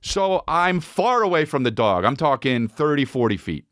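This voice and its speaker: Animated man telling a crude comic story. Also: on the high side, normal speed, dry recording, studio quality. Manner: animated, crude, jumps into goofy character voices. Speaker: podcast host. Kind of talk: comedic storytelling monologue.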